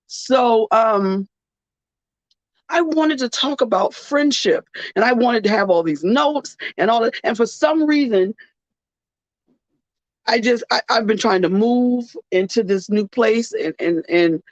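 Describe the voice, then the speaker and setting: Tired, halting woman talk host. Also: fairly high pitch, lively intonation, no echo, dull audio. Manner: halting, many restarts and fillers. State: tired and close to tears. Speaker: radio show host. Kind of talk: emotional faith-based talk.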